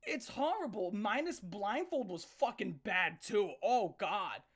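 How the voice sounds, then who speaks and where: A woman's voice: medium pitch, animated, a little slow, slightly rough. A woman ranting on a live stream about music, blunt and emphatic, often repeating herself and restarting her sentences. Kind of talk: profane live rant.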